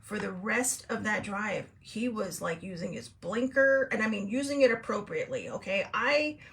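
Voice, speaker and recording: A middle-aged host from California, telling a story in a casual, rambling way, laughing often and acting out both sides of an argument. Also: female voice, mid-range voice, moderate pace, a bit bright, slight background noise. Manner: chatty, laughs often, rambling with fillers and restarts; acts out both sides of a quarrel in raised tones. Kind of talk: casual storytelling to a live chat.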